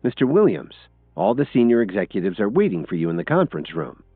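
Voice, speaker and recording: A man's voice: lowish voice, sing-song, fast talker, husky, dry recording. A man doing a serious, formal female assistant. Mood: earnest. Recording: tinny phone-like audio with faint music.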